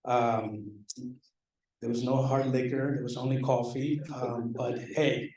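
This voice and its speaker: Taking his time, a man with a mellow, medium-pitched voice and little pitch variation gives a ceremony speech as department chair, handing out student awards. He's casual, joking and self-deprecating throughout. The large banquet hall echoes, and the mic sits far away.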